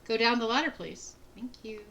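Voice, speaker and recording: A woman's voice: fairly high pitch, moderate pace, sharp tone, muffled recording, a little hiss or hum. A woman streaming a video game, chatting casually and muttering along as she narrates her own moves. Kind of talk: casual let's-play commentary.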